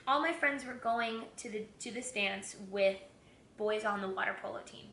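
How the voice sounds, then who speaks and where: A woman's voice: mid-range voice, normal speed, vocal fry, pushed and bright, roomy sound. A young woman vlogging while she cooks in her home kitchen, chatting candidly, giggling often and swearing freely. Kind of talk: casual chat.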